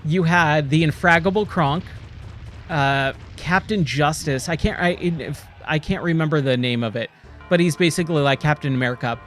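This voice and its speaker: A man in his forties talks through a game stream in a slightly raised voice. He rambles casually, gets excited easily and keeps calling the listener "dude." Faint game music sits behind him. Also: on the high side, moderate pace. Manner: rambling, nostalgic, excitable, says "dude" a lot. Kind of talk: casual gameplay commentary. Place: home, playing a VR game.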